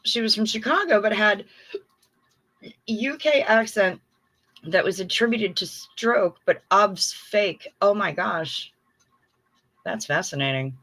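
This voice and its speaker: A middle-aged woman hosting a casual livestream, chatting warmly with viewers and reading their comments aloud. She talks at an unhurried, slow pace, gushing and effusive, with a voice of ordinary pitch. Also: animated. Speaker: livestream host. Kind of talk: casual chat with live viewers.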